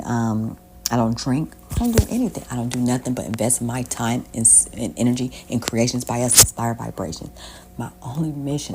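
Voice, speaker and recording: A woman's voice: very deep voice, background noise. A young adult woman vlogging candidly about her own life, rambling and swearing freely as she tells her story. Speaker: self-help vlogger. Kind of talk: casual personal storytelling. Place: Southern United States.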